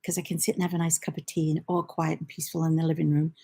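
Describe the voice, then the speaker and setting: A woman's voice: sits low, level tone, racing, gravelly, warm tone, slightly rough. An older woman from the United Kingdom, hosting a knitting livestream in a rambling, chatty storytelling way. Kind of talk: casual chat.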